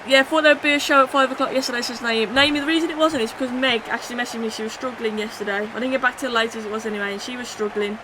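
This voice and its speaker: A woman livestreaming a football video game, chatting with her viewers and shouting at the match as it plays out. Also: a little high, racing, hardly any pauses, a crowd in the background, background noise. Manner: excitable, shouts at the game, then chats casually. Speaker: gaming streamer. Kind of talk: live game commentary and chat reading.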